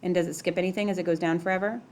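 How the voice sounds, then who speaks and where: A woman's voice: fairly low pitch, fairly even intonation, rapid-fire, a little mellow. A middle-aged woman teaching a math class in a classroom, talking casually, using "like" a lot and asking the students questions. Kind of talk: classroom lecture.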